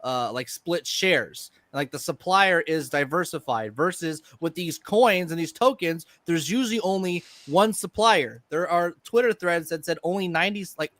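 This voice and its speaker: Man, bright tone, slightly high voice, explaining in podcast chat, dry sound. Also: moderate pace, hardly any pauses, no echo. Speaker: podcast co-host.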